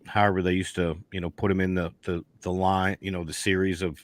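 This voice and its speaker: Low-voiced man telling rambling stories. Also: level tone, fairly quick, dry recording. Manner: rambling storyteller with many restarts. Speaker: guest beekeeper. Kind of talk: casual chat on a video call.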